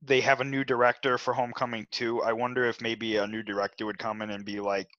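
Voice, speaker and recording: A man's voice: medium pitch, level tone, fast talker, a bit bright, dry recording. A man co-hosting a casual movie chat, hesitant and stammering, often repeating words. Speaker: co-host. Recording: dry, dull lo-fi recording.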